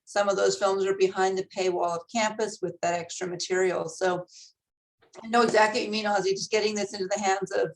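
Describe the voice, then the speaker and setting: A woman's voice: mid-range voice, steady tone, a little fast, slight background noise, low-quality recording. A woman from a film board staff joining a video-call panel, explaining in a friendly, informative way.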